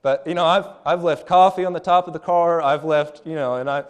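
A man's voice: a little high, steady tone, a little fast, smooth. A man in his thirties preaching a sermon in an earnest, plain-spoken way, often restarting his phrases.

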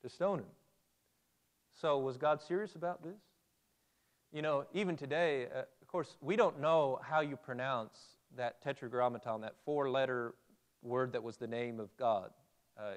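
A man preaching a conversational Bible sermon, asking his listeners questions and reading scripture aloud. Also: mid-range voice. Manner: conversational, asks the audience questions.

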